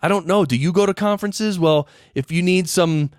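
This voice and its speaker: A man's voice: high-pitched, moderate pace, no room sound, studio quality. A man hosting a podcast, explaining things in a casual, chatty way with lots of fillers and restarts. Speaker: podcast host. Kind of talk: casual solo podcast talk.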